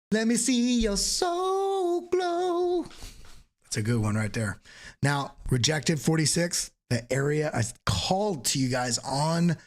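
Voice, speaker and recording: A man hosting a live crypto trading stream, joking and energetic as he walks through charts, swearing casually now and then. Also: fairly high pitch. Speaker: crypto trading channel host.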